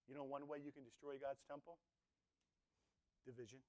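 A male pastor preaching a sermon, animated, swinging between loud exclamations and hushed asides. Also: medium pitch, brisk, pauses often.

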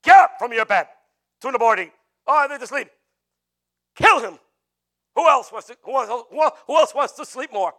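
A man voicing a ruthless Egyptian pharaoh who shouts harsh orders at his slaves. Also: very high-pitched, expressive, moderate pace, pauses often, voice pushed up, full character voice. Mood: barking.

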